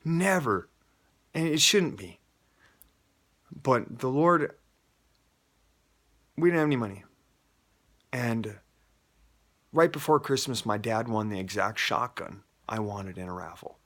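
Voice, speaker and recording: A man's voice: mid-range voice, expressive, slow, pauses often, fairly bright tone. Earnest rambling Midwestern man. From North Dakota, USA. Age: adult with a child. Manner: rambling, emotional, earnest, jumps between stories. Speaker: believer giving a testimony. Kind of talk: casual heartfelt personal testimony.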